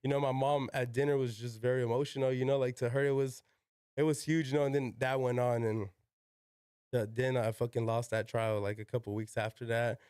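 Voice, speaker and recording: A man's voice: mid-range voice, level tone, brisk, a little mellow, clear, resonant tone, no echo, studio quality. A young man, a podcast guest, telling a casual story in slangy talk full of "yo", "like" and swearing. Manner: slangy, peppered with "yo" and "like", swears freely.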